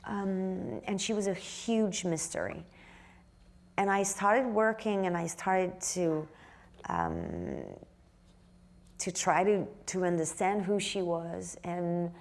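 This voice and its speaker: French actress guest, lower register, hesitant, thoughtful delivery. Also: female voice, darkish tone. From France. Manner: halting, searching for words, many restarts. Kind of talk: live onstage interview.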